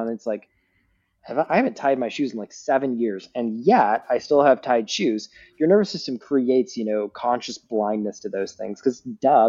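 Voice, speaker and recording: Mellow-voiced man explaining with energy. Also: mid-range voice, slightly rough, dull audio. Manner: animated teacher, frequent "like" and "right?". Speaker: guest neuroscientist. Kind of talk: casual explanatory podcast talk.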